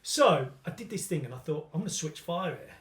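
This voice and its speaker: A man's voice: a little high, expressive, fairly quick, a bit bright. A British man on a comedy podcast, telling a crude story in casual banter and acting out the quoted lines. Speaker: podcast host. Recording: echoey room.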